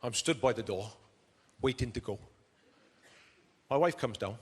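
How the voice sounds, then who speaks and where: A man's voice: mid-range voice, a little slow, husky, long reverb tail. A male comedian and ventriloquist telling anecdotes in a chatty stand-up style on a large theatre stage, recorded live.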